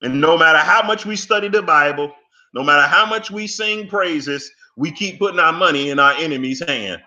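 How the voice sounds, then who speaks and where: Man, fervent commentator, preachy, emphatic, pleading, slightly high, forceful. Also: normal speed, highs cut off. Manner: drawls "y'all" and scolds with folksy phrases. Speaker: commentator reacting to an interview clip.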